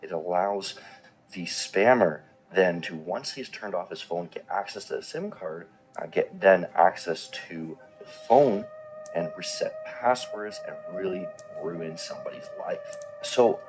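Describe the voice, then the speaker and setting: Deep-voiced man narrating angrily. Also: measured pace, soft background music, rough recording. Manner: indignant, emphatic, profane. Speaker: commentary youtuber. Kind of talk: video commentary narration.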